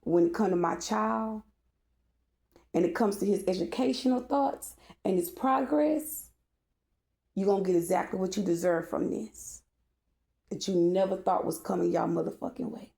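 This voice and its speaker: Mad mom ranting and cussing, gravelly dark voice, echoey room. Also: female voice, mid-range voice, moderate pace. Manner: cursing, heated and repetitive, rising to shouting. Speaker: mother venting to viewers. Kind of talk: angry rant to camera.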